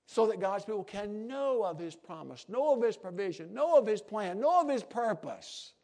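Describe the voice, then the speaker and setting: A middle-aged pastor with a drawl delivers a folksy sermon in a notably high voice. He drops into soft, confiding asides, then climbs to loud, emphatic peaks. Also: animated, moderate pace, hardly any pauses.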